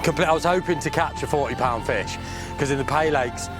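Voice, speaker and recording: A man from England chatting excitedly at a lakeside, laughing and cheering in sing-song bursts. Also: on the high side, a little fast. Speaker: angler, show regular. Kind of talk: excited casual chat on camera. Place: outdoors at a lakeside. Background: music.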